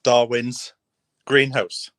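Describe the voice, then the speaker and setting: A man's voice: medium pitch, level tone, drawn-out words, a bit bright, no room sound. Chatty man, dry close sound. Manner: rambling, self-deprecating, chatty. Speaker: host. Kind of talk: casual chat.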